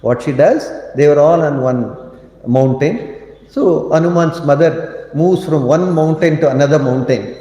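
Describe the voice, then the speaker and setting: A man giving a storytelling sermon at a temple, animated and halting, with many fillers. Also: a little high. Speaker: monk giving a scripture talk. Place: temple cowshed. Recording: echoey hall with long reverb.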